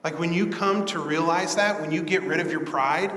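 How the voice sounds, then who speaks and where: A man's voice: a little high, normal speed, a bit bright, slight background noise. A man preaching a sermon as pastor, in an earnest, conversational style that builds in emphasis. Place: church sanctuary. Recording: echoey church hall.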